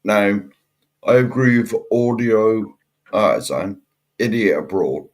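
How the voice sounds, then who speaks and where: A man's voice: fairly low pitch, expressive, slow pace. A man, co-hosting a podcast in casual chat, emphatic and jokey with lots of "yeah". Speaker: podcast co-host.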